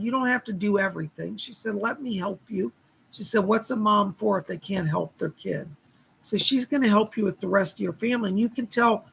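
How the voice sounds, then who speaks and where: A man hosting live psychic readings, chatting to viewers and relaying spirit messages with a steady stream of "she said". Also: sits high, gravelly, husky. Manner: warm thanks to viewers for donations.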